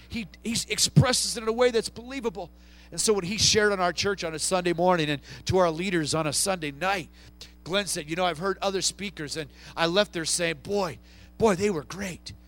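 A middle-aged man preaching a sermon as pastor, swinging between soft and loud with passion. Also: high voice.

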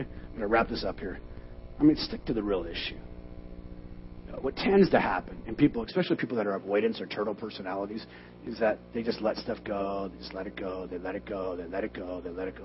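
A middle-aged man preaching an animated sermon as pastor, breaking into sudden loud bursts to act out quarrels. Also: on the low side, fast. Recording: dull lo-fi sermon recording with faint hum.

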